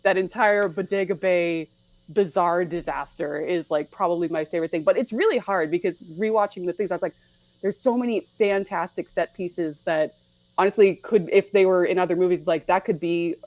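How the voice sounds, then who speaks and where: A young adult woman, a podcast guest, chatting casually and with animation, laughing often and slipping into quick put-on voices. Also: on the low side, darkish tone, no echo, poor audio. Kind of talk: casual chat about a film.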